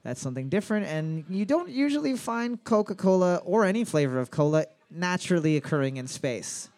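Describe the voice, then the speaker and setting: A man's voice: high voice, animated, brisk, a little mellow. A man hosting a trivia night, reading each question twice and cracking teasing jokes. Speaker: trivia quiz host. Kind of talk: joking bar trivia hosting.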